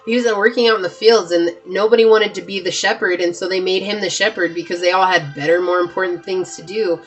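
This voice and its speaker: A woman giving a casual pick-a-card tarot reading, earnest and emphatic, chatty with frequent "like" and quick restarts. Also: fairly low pitch, steady tone. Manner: earnest and emphatic, often shifting into spiritual advice. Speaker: tarot reader.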